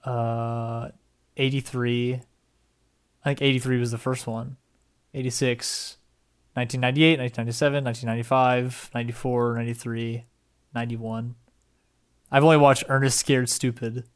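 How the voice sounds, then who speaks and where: Young male podcast co-host, excitable, rambling, casual cursing, relaxed chat. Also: mid-range voice, moderate pace, long pauses, clean tone.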